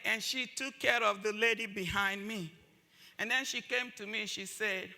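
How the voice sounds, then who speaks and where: A woman's voice: medium pitch, moderate pace, sharp tone. A woman giving an impassioned talk at a summit, driving points home by repeating phrases. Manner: emphatic, repeats phrases for force. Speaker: summit speaker.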